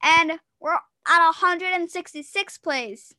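A young woman hosting a casual podcast chat, excitable and giggly. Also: very high-pitched, slow. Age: young adult. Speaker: podcast host.

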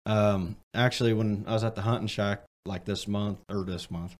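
Young guy hosting a chill podcast, lowish voice, kinda rambly and jokey. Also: fairly even intonation, normal speed. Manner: loose, rambling, joking. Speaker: podcast host. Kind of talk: casual podcast chat.

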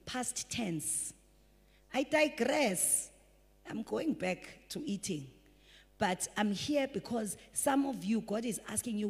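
Breathy woman preaching in a hall. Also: mid-range voice. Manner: animated preaching, acting out quoted voices. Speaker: pastor. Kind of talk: sermon. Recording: breathy voice in a large reverberant hall.

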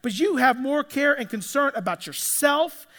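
A man's voice: extremely high pitch, expressive, normal speed, fairly bright tone. A preacher voicing God as an exasperated male voice, incredulous and scolding. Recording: echoey hall with long reverb.

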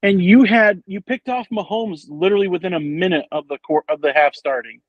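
A man with a fairly high voice chats about sports in a rambling, animated way, full of fillers and swearing. The sound is dull and lo-fi, and dry, with no room echo. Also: brisk. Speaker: podcast co-host. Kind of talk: casual sports chat.

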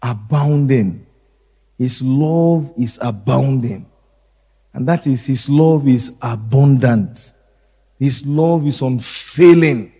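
A middle-aged male pastor preaching a sermon slowly and deliberately, repeating key phrases. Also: mid-range voice, mellow, slightly rough, long reverb tail.

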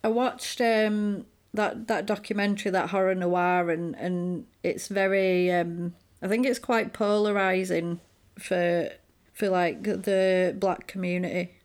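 A woman, co-hosting a podcast and recapping a film in a casual chat, animated and acting out quotes. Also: fairly low pitch, slow. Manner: animated storyteller, acts out quotes.

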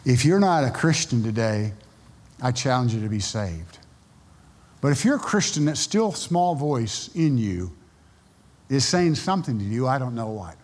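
A male pastor tells stories through his sermon and acts out quoted voices. His voice is mid-range, sing-song and a little mellow, and he speaks at a normal speed. The sound is that of a big room.

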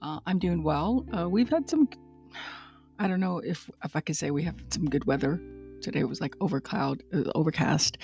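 Gravelly-voiced chatty woman podcaster. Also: lowish voice, lively intonation, normal speed, dark tone, soft background music. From United States. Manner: chatty, rambling, self-deprecating and jokey. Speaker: podcast host. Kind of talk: casual solo podcast chat.

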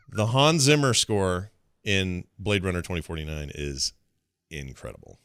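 A man chatting on a movie podcast, rambling and enthusiastic. His voice is bright and crisp, fairly low. The sound is dry and close. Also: unhurried, dry recording. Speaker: podcast co-host. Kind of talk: casual movie-podcast chat.

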